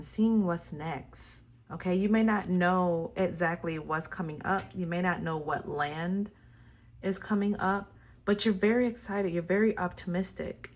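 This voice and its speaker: A woman with a fairly low voice gives a casual tarot reading to her viewers. She gushes over each card and talks straight to the camera audience. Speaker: tarot reader.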